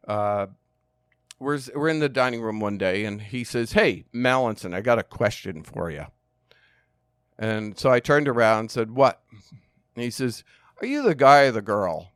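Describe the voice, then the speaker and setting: A man in his sixties telling stories as a podcast guest, calm and measured, with dry humor. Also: medium pitch, smooth, no echo. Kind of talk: storytelling interview.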